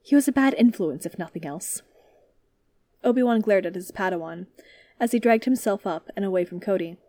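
A woman reading a story aloud as narrator, in a calm, steady manner. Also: mid-range voice, brisk.

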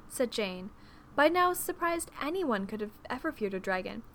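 A woman narrating an audiobook in an expressive, measured storytelling manner. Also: on the high side, slight background noise.

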